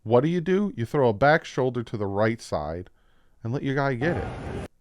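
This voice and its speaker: A man with a New Jersey accent casually breaking down football practice clips as a channel host, explaining plays with excitement. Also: mid-range voice, normal speed, no echo. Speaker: sports commentator.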